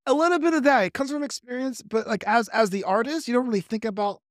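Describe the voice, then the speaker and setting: A man from New York with a softened Brooklyn accent, a comedian guest on a podcast, talking fast in an animated, practiced radio-style way. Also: very high voice, dry recording, studio quality. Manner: self-described fast talker. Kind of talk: podcast interview.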